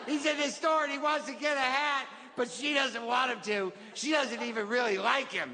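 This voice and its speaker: Little kid storybook voice, as a man puts it on, high, sing-song, emphatic, echoey hall, audience noise. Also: steady tone, normal speed, sharp tone, a faint crowd, heavily acted. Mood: giddy. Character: small child, giddy, reading a picture book.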